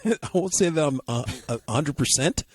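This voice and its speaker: A man co-hosting a casual hobby podcast. He wanders through a long anecdote, circling back with fillers and false starts. The talk is relaxed and conversational. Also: fairly high pitch, a little fast, slightly rough, no echo. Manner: rambling storyteller, many restarts and fillers. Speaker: podcast co-host. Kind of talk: casual chat.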